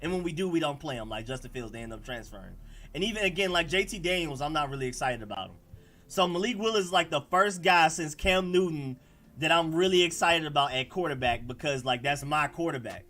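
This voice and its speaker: A man with an Atlanta accent hosting a casual sports livestream, talking in an animated, slangy way and reacting to the live chat. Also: a little high, fairly quick. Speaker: livestream host.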